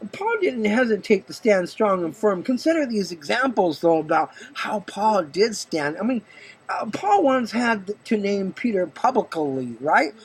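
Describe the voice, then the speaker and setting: A man's voice: high-pitched, sing-song, unhurried, breathy edge, low-quality recording. A man hosting a show, mixing jokey commentary with Bible reading, playful and laughing often. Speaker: host.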